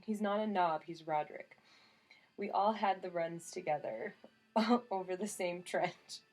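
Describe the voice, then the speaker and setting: A gruff, blunt old soldier, voiced by a woman reader, who chides and grumbles in a broad, thick brogue. His voice sits fairly low and keeps a scolding, no-nonsense edge. The sound is a clean audiobook narration. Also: steady tone, moderate pace, a little mellow. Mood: stubborn. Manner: thick regional brogue, laid on heavily.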